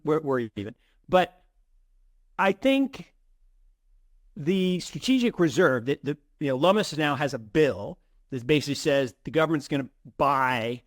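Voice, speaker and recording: A middle-aged man co-hosting an investing show, chatting in an animated way with many restarts and repeated words. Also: mid-range voice, no room sound, clean studio sound. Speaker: co-host of a crypto investing show. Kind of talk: casual conversational commentary.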